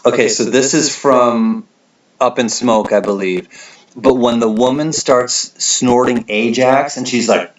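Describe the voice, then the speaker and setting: A man's voice: medium pitch, unhurried, slight background noise. A man hosting a casual livestream, reading out viewer comments and rambling with a laid-back, laughing manner. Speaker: livestream host.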